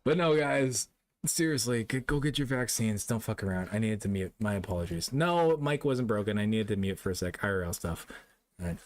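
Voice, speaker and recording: An animated Canadian streamer reads chat briskly and rants about vaccines during a casual livestream, exasperated and profane. He jumps between loud outbursts and low muttering, and there's no room sound.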